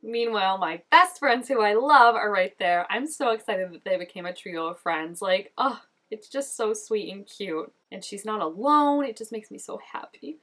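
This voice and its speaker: A woman's voice: medium pitch, expressive, moderate pace, few pauses, fairly bright tone. A young woman reacting to a show episode in casual, gushing commentary, chatty and full of "like". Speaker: reaction vlogger.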